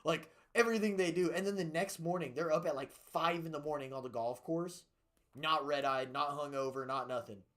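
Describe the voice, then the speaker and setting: A young man streaming a game, swearing freely as he rambles through stories in a casual chat. His voice sits a touch higher than most men's. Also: fairly quick, fairly bright tone. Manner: rambling, profane storytelling. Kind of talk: casual chat while gaming.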